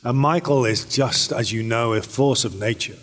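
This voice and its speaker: A man's voice: medium pitch, normal speed. British man answering fans in an echoey hall. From Britain. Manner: relaxed, rambling, with many fillers and restarts. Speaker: actor and panel guest. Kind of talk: convention panel Q&A. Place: convention panel hall.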